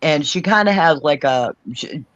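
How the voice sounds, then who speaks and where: Casual chat host: a man with a mixed Boston and Southern accent, slightly high voice, dry dull lo-fi sound, laughs through stories. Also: animated, moderate pace, a bit bright, no room sound. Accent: mixed Boston, Florida and Alabama. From Cape Cod, Massachusetts. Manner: storytelling, laughs often.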